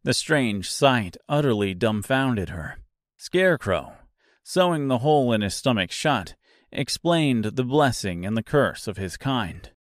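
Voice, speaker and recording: A male narrator reading a dark fantasy novel aloud at an unhurried pace. His voice sits in a middle pitch, and the recording is dry and close with no room sound. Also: sing-song, dry recording. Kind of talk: audiobook narration.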